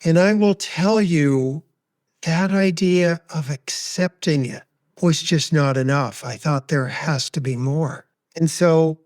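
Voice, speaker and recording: A man speaking as a guest expert on grief, sharing a personal story in an earnest, measured, heartfelt way. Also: on the high side, darkish tone, no echo, studio quality.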